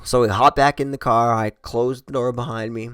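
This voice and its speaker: A man's voice: medium pitch, steady tone, moderate pace, a bit bright, smooth, dry recording, studio quality. A man telling a wild personal story in casual, rambling style, swearing constantly and chuckling at himself.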